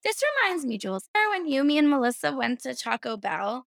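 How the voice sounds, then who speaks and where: Woman podcast host, bright voice, dry close sound, sarcastic asides. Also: sits high, quick pace, vocal fry, dry recording. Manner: animated, swearing, sarcastic asides. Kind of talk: casual chat, reading a news story.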